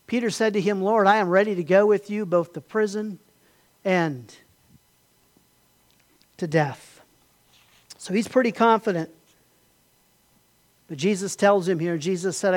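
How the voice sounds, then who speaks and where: A man preaching a sermon, building to emphatic peaks and then dropping to quiet retelling. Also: high-pitched. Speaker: pastor.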